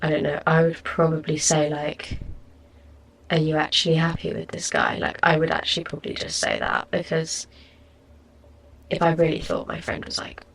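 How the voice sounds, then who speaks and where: Young woman hosting a solo podcast, tired and gravelly, rambles casually. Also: sits low, expressive, normal speed, slight background noise. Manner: chatty, rambling, lots of likes and ums. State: tired, yawning. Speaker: podcast host.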